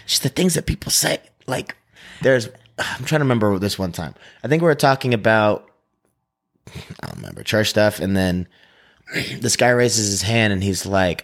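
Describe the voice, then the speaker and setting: A man with a fairly low voice tells a story in a relaxed chat. He talks animatedly and swears freely, slipping into the voices of the people he describes. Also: normal speed. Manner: animated, profane, acts out quotes.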